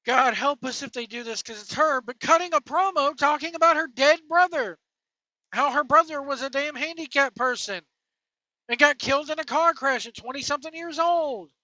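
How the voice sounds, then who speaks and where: Host on a rant: bright, forceful voice, blunt and scornful, trading insults. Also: sits high, moderate pace, no echo, lo-fi sound. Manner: blunt, scornful, name-calling. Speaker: wrestling commentary host. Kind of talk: opinionated rant.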